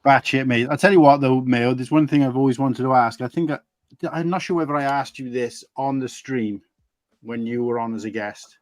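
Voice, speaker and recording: A man's voice: mid-range voice, a little fast, a little mellow, dry recording. A man hosting a casual community stream, chatty and rambling through anecdotes. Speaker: stream host.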